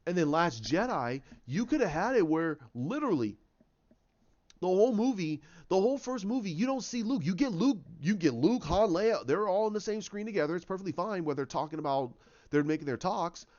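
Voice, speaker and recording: Guy with a high voice rambling on about movies, acts out bits, kinda muffled recording. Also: lively intonation, brisk, darkish tone. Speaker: YouTube commentator. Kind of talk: casual commentary.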